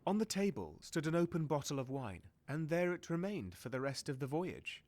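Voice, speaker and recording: A reflective passenger narrating his sea voyage in a video game. Calm, wistful storytelling, with a voice that moves freely up and down. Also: fairly high pitch, moderate pace. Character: reflective male ship passenger narrating a journal.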